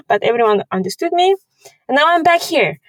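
A woman's voice: high voice, sing-song, brisk, no echo. A woman in her thirties with a Texan accent, co-hosting a podcast in casual chat and laughing at herself. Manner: self-deprecating, laughing, restarts mid-sentence. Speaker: podcast co-host.

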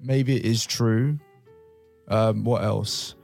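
A man's voice: fairly low pitch, slow, vocal fry, faint music behind. A man from the United Kingdom chatting casually, explaining stereotypes with frequent chuckles. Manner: relaxed, chuckling, explains at length. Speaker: guest explaining British stereotypes. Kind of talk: casual chat.

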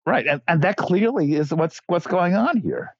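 A man's voice: high voice, big pitch swings, normal speed, no room sound, dull audio. A man appearing as a guest journalist, talking bluntly in a casual political chat, often restarting his sentences.

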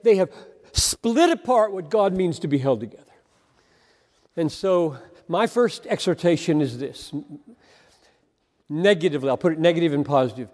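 Older male pastor, high voice, earnest emphatic sermon delivery, long hall reverb. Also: darkish tone. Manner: earnest, emphatic, with halting repetitions.

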